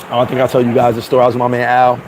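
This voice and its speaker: A man vlogging outdoors, telling a story in a loose, animated way, swearing and acting out other people's voices. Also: mid-range voice, very fast. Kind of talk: casual storytelling to camera. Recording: street crowd noise behind.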